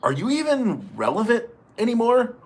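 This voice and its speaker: A man's voice: extremely high pitch, huge pitch swings, moderate pace, pitched above the performer's own voice, full character voice. A man imitating a brash, boastful male arm-wrestling champion who trash-talks in a swaggering voice. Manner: swaggering trash talk, loud and taunting.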